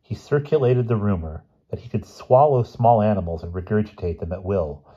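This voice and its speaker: Male storyteller, very low husky voice, calm measured delivery, dull lo-fi recording. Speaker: audiobook reader. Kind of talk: reading a short story aloud.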